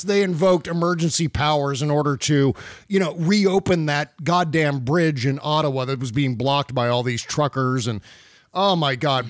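A man's voice: fairly high pitch, no echo, studio quality. A man hosting a casual political podcast, sarcastic and swearing, laughing often. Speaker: podcast host.

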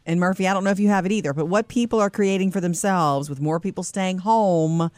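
Chatty woman morning-show host, low voice. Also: brisk, a little mellow, no echo, studio quality, faint music behind. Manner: chatty, upbeat, laughs often. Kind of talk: casual morning show chat.

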